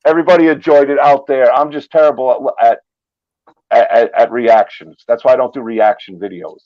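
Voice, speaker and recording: A man's voice: medium pitch, fairly even intonation, moderate pace, dry recording, muffled recording. A man hosting a live chat show, talking casually, repeating and stumbling over words. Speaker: host.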